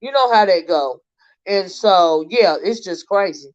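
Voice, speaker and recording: A woman's voice: mid-range voice, lively intonation. A woman hosting a casual livestream commentary, talking straight to her viewers. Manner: chatty, talks straight to viewers, halting restarts while reading posts aloud. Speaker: livestream host. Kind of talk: casual commentary on a crime case. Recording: slightly dull lo-fi stream audio.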